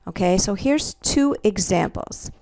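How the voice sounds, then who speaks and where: A woman gives a Spanish pronunciation lesson at a deliberately slow pace, repeating each example word with care. She keeps checking in with "okay" and "all right". Her voice sounds dry and close. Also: mid-range voice, lively intonation, vocal fry, darkish tone, no echo. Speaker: Spanish teacher.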